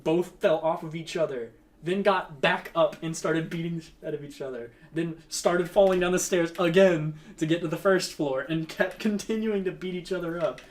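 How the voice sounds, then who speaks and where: A man's voice: on the high side, normal speed. A young man telling a rambling, laughing story in casual chat, swearing freely.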